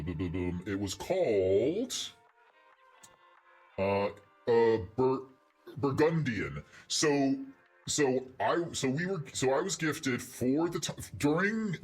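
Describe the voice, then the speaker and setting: A man's voice: medium pitch, a bit bright, husky. A man chatting casually on a game stream, telling a rambling story full of restarts and self-corrections. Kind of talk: casual gaming stream chat.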